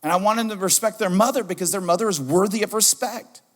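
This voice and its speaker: Man, pastor, sermon, high-pitched, animated, repetitive questions, echoing church hall. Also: fast. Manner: animated, repeats key questions for emphasis. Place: church sanctuary.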